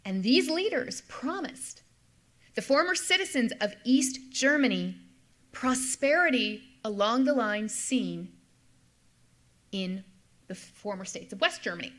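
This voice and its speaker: A middle-aged woman delivers a history lecture in a slightly high voice. She explains step by step, circling back to restate her key points for emphasis. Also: very animated, a little slow, fairly bright tone. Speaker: history professor giving a lecture. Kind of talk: lecture with slides.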